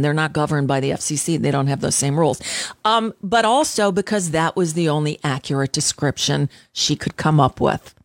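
A woman's voice: deep voice, no room sound, studio quality. A woman hosting a talk radio show, giving blunt, sarcastic, conversational commentary on the news.

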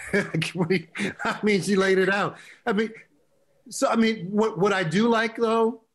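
A man's voice: high voice, slow pace, fairly bright tone. A man in his fifties, a guest on a talk show, speaking in an earnest, emphatic way. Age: 50s. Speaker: guest, state representative.

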